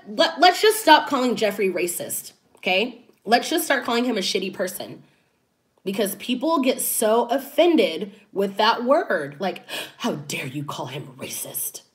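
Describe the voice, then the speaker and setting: An animated woman riffing in a laid-back commentary vlog, laughing often. She takes her time with every thought, and her voice swoops up and down as she talks. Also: on the high side. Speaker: commentary YouTuber. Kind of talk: casual commentary.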